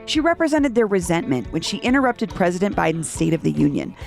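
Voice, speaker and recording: Woman, podcast host, scripted narration, dramatic delivery, animated pitch. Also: quick pace, vocal fry, faint music behind.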